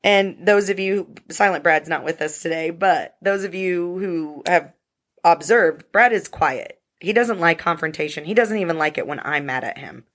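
A woman's voice: fairly low pitch, normal speed. A woman telling a story in a casual podcast chat, blunt and profane. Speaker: podcast co-host.

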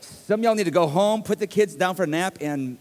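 High-voiced male pastor in a reverberant hall. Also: fairly quick, darkish tone. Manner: conversational preaching with jokes, rising to emphatic bursts. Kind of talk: sermon. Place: church sanctuary.

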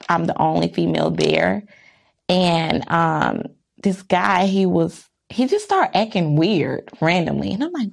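A woman with a lowish, creaky voice talks to the camera in a casual vlog monologue. She's emphatic and candid, firing off rhetorical questions in a reflective, faith-centered way.

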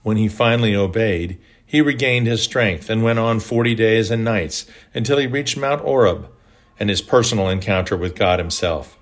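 Older male devotional narrator, lowish register, measured and reflective scripted read. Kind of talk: scripted devotional reading with prayer.

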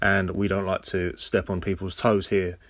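An English man hosting a casual podcast recap, sarcastic and swearing freely, with sudden loud high outbursts. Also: level tone, normal speed, dry recording, studio quality. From England. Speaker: podcast host.

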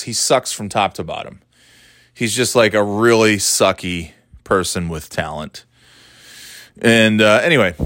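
A man's voice: medium pitch, fairly bright tone, dry recording, studio quality. A man from the northeastern United States hosting a solo podcast, rambling and ranting with sarcasm and plenty of swearing. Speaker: podcast host. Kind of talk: casual solo podcast monologue.

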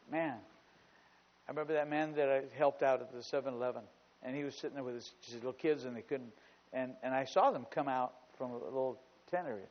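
A male pastor preaching a sermon, shifting from quiet storytelling to loud, emphatic declarations and repeating phrases for emphasis. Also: medium pitch, brisk. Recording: dull lo-fi recording with long hall reverb.

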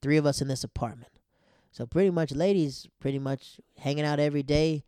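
A man telling a casual, animated story in slangy talk, laughing often as he goes. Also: a little high, a little fast, smooth, dry recording, studio quality.

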